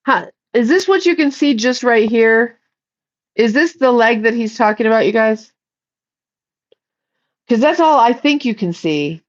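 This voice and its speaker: A woman's voice: fairly high pitch, animated, measured pace, pauses often, muffled recording. A middle-aged woman chatting casually on a livestream, joking playfully and talking back to her viewers. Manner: playful, jokey, talks to chat. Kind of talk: casual rambling livestream chat.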